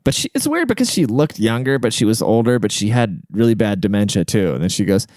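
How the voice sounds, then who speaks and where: A man's voice: on the low side, very animated, quick pace, darkish tone, no echo, clean studio sound. Rambling, profane podcast host, man. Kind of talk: casual storytelling monologue.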